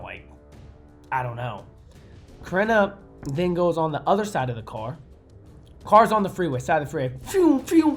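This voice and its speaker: A young man vlogging a casual storytime, excitable and profane, making crash noises with his mouth. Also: medium pitch.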